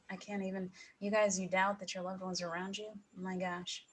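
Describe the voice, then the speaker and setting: A middle-aged woman giving a heartfelt personal talk to an audience, emotional and pausing, with soft laughs. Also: medium pitch, flat delivery, husky, rough recording. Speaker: speaker at an evening talk.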